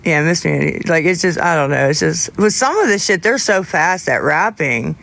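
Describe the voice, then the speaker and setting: A young man livestreaming, chatting casually with viewers in a rambling, halting way with many restarts. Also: a little high, lively intonation, vocal fry, a bit bright.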